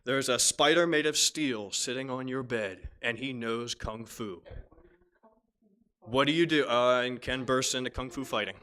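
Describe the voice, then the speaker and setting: A man's voice: medium pitch, a little slow. Joking man running a youth group game. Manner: joking, teasing, animated. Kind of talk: playful group icebreaker questions. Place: church youth room.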